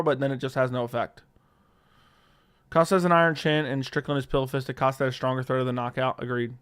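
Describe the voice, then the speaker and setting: His voice is smooth, fairly bright, and on the high side. Hosting a live stream, he casually reads viewer questions out loud and answers them offhandedly while swearing freely into a studio dynamic mic.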